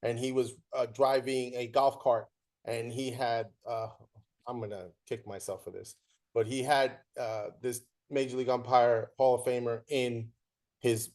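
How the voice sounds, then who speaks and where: A man's voice: medium pitch, little pitch movement, measured pace, a little mellow. Enthusiastic man telling a story. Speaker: show host. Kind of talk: casual interview, storytelling.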